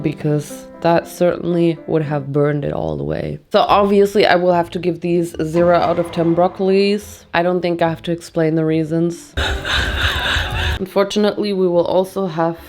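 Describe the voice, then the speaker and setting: A woman's voice: fairly low pitch, flat delivery, normal speed, vocal fry, a little mellow, faint music behind. A young woman from Germany with a German accent, reviewing food in a playful, dramatic vlog and laughing often. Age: young adult. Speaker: food vlogger.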